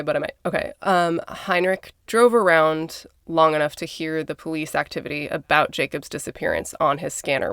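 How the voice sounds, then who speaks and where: Gravelly woman podcast co-host from Minnesota, casual true-crime storyteller with blunt asides, dry close sound. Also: low voice, a bit bright, no room sound. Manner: conversational, blunt asides and swearing.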